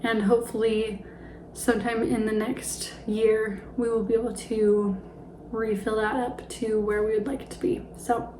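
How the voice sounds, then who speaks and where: A woman's voice: a little high, level tone, measured pace, a little mellow, echoey room, slight background noise, low-quality recording. A woman in her twenties talking casually about her family finances, slightly out of breath, with light laughs and fillers. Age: 20s. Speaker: personal finance vlogger. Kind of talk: casual talk to camera.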